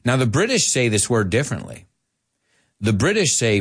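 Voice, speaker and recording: An American man teaching English in a live online lesson, chatty and animated, dropping in Spanish asides. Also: mid-range voice, moderate pace, slightly rough.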